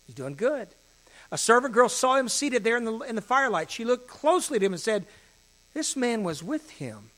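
A male pastor preaching a sermon, shifting between hushed emphasis and louder passages. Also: extremely high pitch, lively intonation, a little fast.

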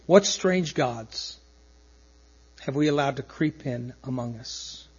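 A man preaching a sermon to young people, swinging between loud emphatic declarations and quiet asides. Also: mid-range voice, takes it slowly, husky. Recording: dull, lo-fi recording with mains hum.

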